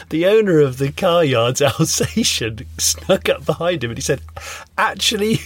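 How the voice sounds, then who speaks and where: A man's voice: fairly high pitch, expressive, takes it slowly, breathy edge. A man co-hosting a podcast, telling rambling anecdotes in casual chat. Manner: rambling anecdotal storytelling with laughs. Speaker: podcast co-host.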